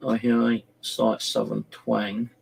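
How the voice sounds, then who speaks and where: A man's voice: on the low side, completely flat delivery, slow, vocal fry, darkish tone, slight background noise, poor audio. A middle-aged man chatting casually on a live stream, rambling through stories and swearing freely. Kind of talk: casual chat.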